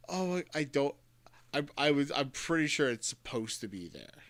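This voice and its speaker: A man casually commenting as he plays a game on stream, often exclaiming loudly when things go wrong. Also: a little high, measured pace, long pauses. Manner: excitable, reacts loudly with shouts and gasps.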